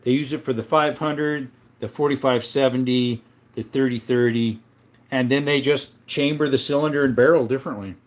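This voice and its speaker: A relaxed man hosts a live stream in a loose, conversational way. He reads viewer comments aloud and answers each one, often pausing with an "uh" or "um" along the way. His voice sits at an ordinary middle pitch. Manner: relaxed, with frequent uh and um. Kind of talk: casual live-stream chat.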